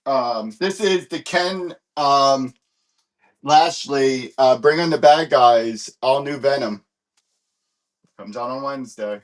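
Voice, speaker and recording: A man's voice: medium pitch, slow. Man rambling through a live comic sale. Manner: rambling, lots of fillers and "hold on"s while searching. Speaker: live-stream comic seller. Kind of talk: casual live-sale chat.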